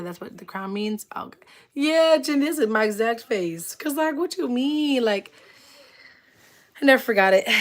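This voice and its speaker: A woman hosting a casual livestream, telling rambling stories full of "like", laughing, and greeting viewers in chat. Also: medium pitch. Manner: expressive, laughs often. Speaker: livestream host.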